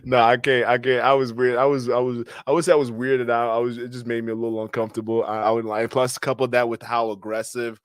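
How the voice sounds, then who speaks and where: A man's voice: medium pitch, little pitch movement, fast, hardly any pauses, clean tone, dry recording, clean studio sound. Slangy, laughing man streamer. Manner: slangy, laughing, repeats himself. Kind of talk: casual chat reading viewer comments.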